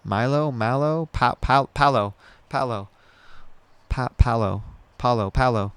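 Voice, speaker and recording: A man's voice: mid-range voice, unhurried, fairly bright tone, smooth, no echo. A man hosting a podcast, telling a personal story in a rambling, profane, casual way with frequent restarts. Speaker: podcast host.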